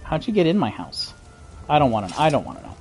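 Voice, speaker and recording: A man's voice: on the high side, wildly swooping pitch, fast talker, darkish tone, breathy edge, soft background music. A man giving casual, rambling commentary while playing a video game, cursing and laughing as he reacts. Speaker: gamer streamer. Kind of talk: casual gameplay commentary to his mother.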